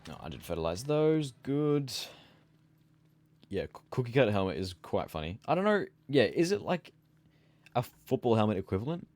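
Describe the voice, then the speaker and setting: A man's voice: lowish voice, very animated, moderate pace, pauses often, a little mellow, soft background music. A sleepy young man streaming a game, chatting casually and rambling as he trails off into mumbles. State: sleepy, yawning. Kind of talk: casual gameplay chat.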